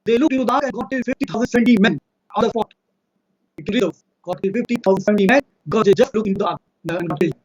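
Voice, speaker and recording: Rapid-fire insistent Indian man debating. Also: high voice, a little mellow, slightly rough, poor audio. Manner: insistent, repeats points, cites verses rapidly. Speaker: religious debater. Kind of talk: fast polemical debate monologue.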